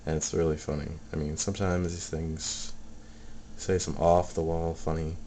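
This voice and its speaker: A man casually talking through his recordings, soft-spoken and hesitant, full of ums and restarts. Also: rumbling low, little pitch movement, normal speed, slight background noise. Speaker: paranormal hobbyist playing back recordings. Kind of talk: casual video commentary.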